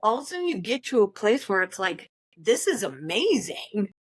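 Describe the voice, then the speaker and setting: A woman's voice: fairly high pitch, sing-song, fast, no echo. A woman co-hosting a casual podcast conversation, thoughtful and practical as she shares tips. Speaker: podcast co-host.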